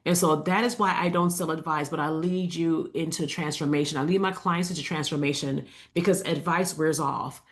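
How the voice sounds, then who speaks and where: A woman speaking as a faith-based life coach in a casual inspirational talk to the camera. She talks conversationally, with fillers and asides to her viewers, and repeats key lines slowly for emphasis. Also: sits low, steady tone.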